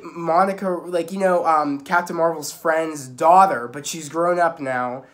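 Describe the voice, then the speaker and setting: A man's voice: fairly high pitch, measured pace. A young man giving a casual spoken recap of a TV episode, rambling with many restarts and filler words. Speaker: video reviewer.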